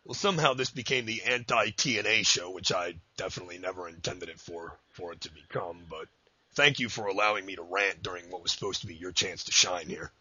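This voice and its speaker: A deep-voiced man hosting a casual podcast interview, ranting and joking, often stumbling over words. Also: fairly quick, bright, forceful tone, breathy edge, dry recording. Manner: ranting, jokey, slips into a high announcer voice for quotes. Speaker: podcast host. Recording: dull lo-fi audio.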